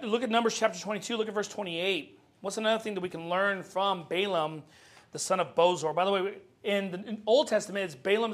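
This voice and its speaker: A man preaching a sermon as pastor, animated and joking, acting out scenes from the Bible. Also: sits high.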